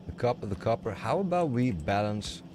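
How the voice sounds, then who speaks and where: A man's voice: fairly low pitch, big pitch swings, moderate pace, noisy background. A man streaming a game, chatting casually and rambling with strong opinions. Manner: rambling, opinionated, restarts often. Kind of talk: casual livestream chat while playing. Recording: music playing loudly behind.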